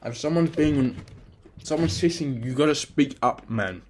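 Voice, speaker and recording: A man's voice: fairly high pitch, normal speed, a little mellow, a little hiss or hum. Rambling, profane young man. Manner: rambling, profane, self-critical. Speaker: podcast host. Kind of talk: casual solo monologue.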